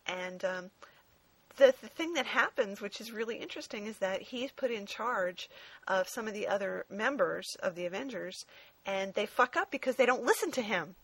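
A woman hosting a casual review chat, talking frankly and at length, swearing freely and filling pauses with ums. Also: mid-range voice, expressive, breathy edge, no room sound.

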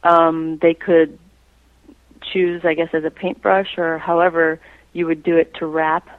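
A woman's voice: deep voice, flat delivery, unhurried, no room sound, narrow, tinny audio. A woman being interviewed about her own artwork, chatting casually and breaking into playful impressions. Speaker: creator and artist being interviewed.

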